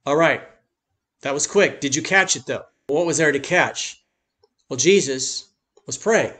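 A man's voice: fairly high pitch, a little slow, fairly bright tone. A man preaching a sermon as pastor, speaking emphatically and lifting his voice on key points.

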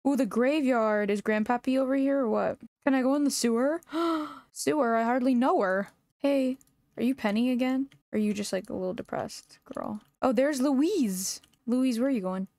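A woman's voice: a little high, normal speed, darkish tone, no room sound. A young adult woman giving playful, sassy, joking commentary as she plays a farming game for the first time. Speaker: gaming YouTuber. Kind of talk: casual gameplay commentary.

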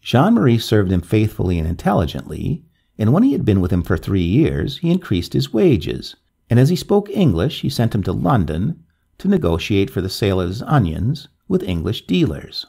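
A man reading a classic story aloud with measured, expressive narration. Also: on the low side, creaky, slightly rough.

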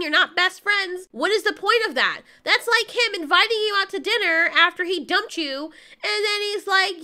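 A woman's voice: extremely high pitch, lively intonation, normal speed, pushed and bright. A young woman giving a casual spoken movie review, sarcastic and ranting, swearing freely as she recaps the plot. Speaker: film reviewer.

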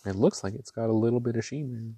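A man gushing over ink swatches in a casual vlog, excitable and quick to laugh. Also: mid-range voice, husky, no room sound. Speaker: ink reviewer. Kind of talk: casual show-and-tell vlog. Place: small home room.

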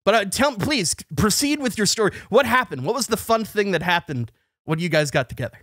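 A man's voice: high voice, a little fast, no room sound, studio quality. A man co-hosting a podcast, telling a story casually and acting out an argument with lots of energy. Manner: animated, acts out shouting matches. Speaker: podcast co-host.

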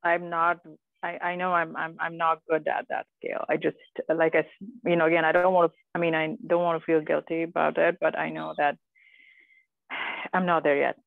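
A man's voice: fairly high pitch, monotone, normal speed, vocal fry, no room sound. Stammering man on a tinny line. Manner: hesitant, stammering, trailing off. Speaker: call participant. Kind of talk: casual chat on a group call. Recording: tinny phone-like line, dry.

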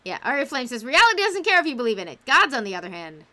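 A woman's voice: high voice, very animated, quick pace, bright, forceful tone. A woman hosting a casual livestream book club, talking enthusiastically and reading out chat comments.

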